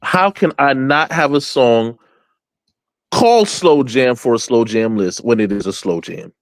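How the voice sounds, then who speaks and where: Slow easygoing guy making his pick, dry close sound. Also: mid-range voice, expressive, dry recording. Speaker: draft participant. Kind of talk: casual group chat.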